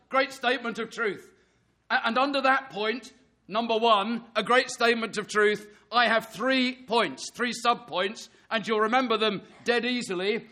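A man's voice: very high-pitched, pushed and bright. A man preaching an earnest sermon, reading scripture and pressing his listeners with emphatic rhetorical questions.

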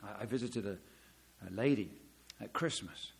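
A middle-aged man preaching a sermon, dramatic, swelling loud on key words and dropping to a hush. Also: on the low side, moderate pace, gravelly.

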